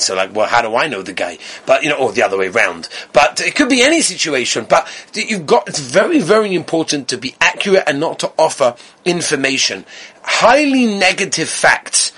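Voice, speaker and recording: A man's voice: a little high, sing-song, a little fast, bright, forceful tone, slightly rough. A man giving a Torah lecture as a rabbi, emphatic and repeating key words.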